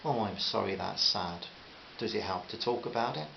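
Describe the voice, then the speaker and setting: A man reading a storybook and voicing a gentle, thoughtful young woman with a Liverpool accent. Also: on the low side, animated, normal speed, gravelly. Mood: earnest. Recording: slightly dull with faint hiss.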